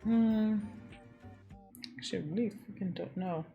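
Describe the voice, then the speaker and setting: A woman's voice: medium pitch, a little slow, gravelly, highs cut off, faint music behind. A woman playing a dating game, muttering to herself and thinking aloud in casual commentary. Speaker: game streamer. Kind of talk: casual let's-play commentary.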